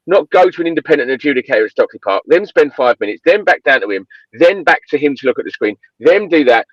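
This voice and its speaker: A man's voice: mid-range voice, big pitch swings, fast, no echo. A man making emphatic points in casual football chat. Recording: dull dry lo-fi sound.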